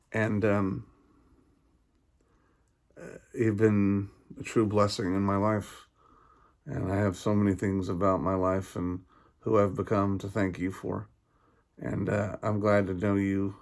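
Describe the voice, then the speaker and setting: A man with a lowish voice talks into his camera in a casual video message. He sounds tired and yawny, rambling along with frequent fillers, restarts and pauses, sincere and grateful in tone. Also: flat delivery, a little mellow. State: tired, yawning. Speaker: vlogger.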